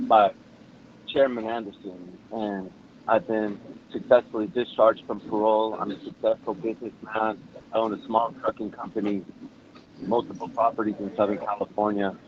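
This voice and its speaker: A man's voice: fairly low pitch, highs cut off, slight background noise. A man giving an emotional, earnest statement of support at a parole hearing, speaking by phone. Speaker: public commenter at parole hearing.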